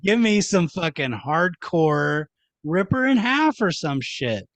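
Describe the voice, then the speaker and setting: A man's voice: fairly high pitch, sing-song, takes it slowly, fairly bright tone, dry recording. A man co-hosting a casual film podcast, giving blunt, enthusiastic opinions. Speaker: podcast co-host. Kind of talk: casual chat.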